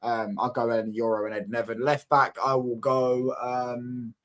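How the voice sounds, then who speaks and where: A man's voice: mid-range voice, little pitch movement, moderate pace. A young man, hosting a casual football live stream, bantering with viewer comments and repeating himself. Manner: banter-filled, repetitive, keeps asking if you get what he's saying. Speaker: football watchalong host.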